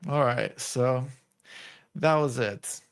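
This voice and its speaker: A man's voice: medium pitch, takes it slowly, clear, resonant tone. A man hosting a show, talking in casual commentary and reaction, rambling with lots of likes and restarts. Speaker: host.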